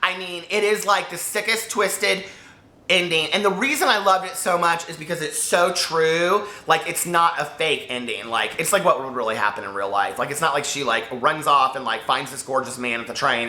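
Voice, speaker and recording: A man reviewing a book in a rambling, excitable, casual chat, often cutting himself off mid-sentence. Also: on the high side, fairly quick. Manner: rambling, excitable, self-interrupting. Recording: echoey room.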